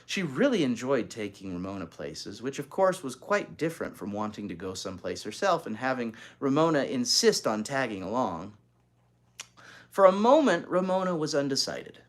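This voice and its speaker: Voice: medium pitch, sing-song, moderate pace. A reader narrating a children's chapter book aloud, adding chatty asides to young listeners. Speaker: storybook reader.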